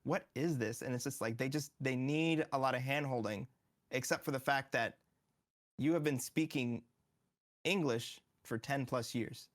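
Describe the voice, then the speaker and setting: A man's voice: medium pitch, moderate pace. A man appearing as a game developer guest in a casual studio interview, eagerly explaining and acting out what players say.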